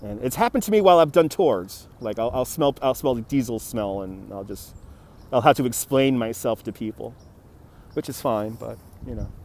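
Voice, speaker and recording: A man's voice: medium pitch, expressive, moderate pace, darkish tone. Chatty New man livestreaming outdoors. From New York City. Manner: chatty, greets viewers by name, laughs easily. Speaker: livestream host. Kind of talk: live walking-tour chat reading viewer comments. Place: outdoors on a city riverfront. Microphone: phone on a handheld gimbal.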